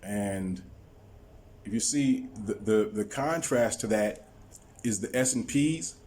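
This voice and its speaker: Halting man explaining his stock trade. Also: fairly low pitch, expressive, darkish tone. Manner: halting, many repeated words and fillers; explaining to viewers. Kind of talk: screen-recorded trading walkthrough.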